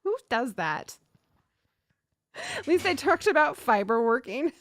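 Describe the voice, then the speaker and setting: This host is a woman in her thirties with a high-pitched voice, talking a little slowly, with no room sound. She chats in an animated way on her livestream, casually telling a story and reading the chat aloud.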